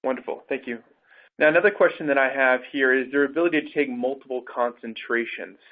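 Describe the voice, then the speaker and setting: A man's voice: medium pitch, fast talker. A man running a webinar Q&A section, reading out viewer questions with frequent hesitations. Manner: reads questions with many uh fillers. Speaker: enrollment advisor hosting Q&A. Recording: phone-like line.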